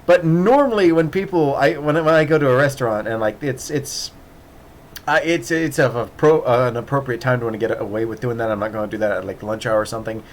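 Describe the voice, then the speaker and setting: A podcast host tells a loose, rambling story full of restarts and laughter, putting on voices for the quoted dialogue. His medium-pitched voice moves briskly over slight background noise.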